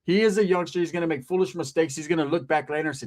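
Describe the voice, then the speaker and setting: A middle-aged man talks to camera in a casual commentary monologue. His voice sits fairly high for a man. He speaks bluntly, in profane street slang. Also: quick pace, darkish tone. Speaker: commentary channel host.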